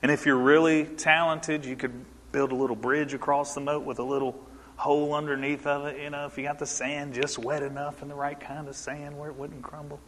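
A man in his forties preaches with a bright, forceful, fairly high voice. He tells a story in an animated way and puts questions to the congregation. A long reverb from a large church hall trails each phrase. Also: fairly quick, slight background noise. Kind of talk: sermon.

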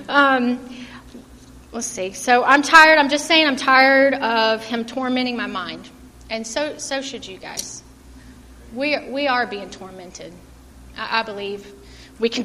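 A middle-aged woman, a lay preacher, delivers an informal sermon in a church hall, her high-pitched voice pushed and bright. She sounds earnest and self-deprecating, laughing often. The recording carries a long hall reverb and faint room noise.

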